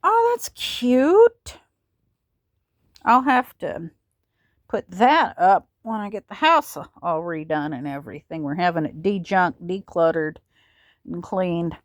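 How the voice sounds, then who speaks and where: A woman's voice: fairly low pitch, unhurried, dry recording, studio quality. A woman, chatting casually as she opens fan mail at home and cooing at her pets. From Missouri. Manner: chatty, coos at her pets in a lively sing-song. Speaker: vlogger opening fan mail. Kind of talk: casual unboxing chat.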